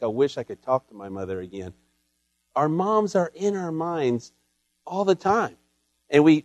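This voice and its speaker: A man's voice: fairly high pitch, a little mellow, no echo. Folksy man preaching a sermon. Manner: folksy storytelling with humor. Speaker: pastor. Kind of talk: Mother's Day sermon.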